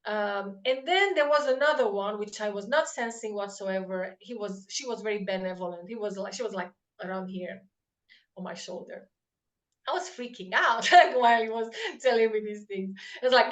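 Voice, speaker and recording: A woman in casual conversation, telling a personal story with lots of fillers and animated quoted voices. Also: medium pitch, moderate pace. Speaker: podcast host.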